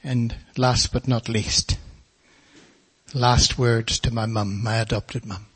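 Older male preacher, husky, folksy testimony storyteller. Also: mid-range voice, little pitch movement, slow pace, fairly bright tone. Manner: storytelling, folksy, acts out voices of others. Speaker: preacher giving his testimony. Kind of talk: testimony sermon.

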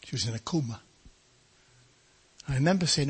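Older male preacher, husky, folksy testimony storyteller. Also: medium pitch, animated, moderate pace. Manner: storytelling, folksy, acts out voices of others. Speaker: preacher giving his testimony. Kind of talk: testimony sermon.

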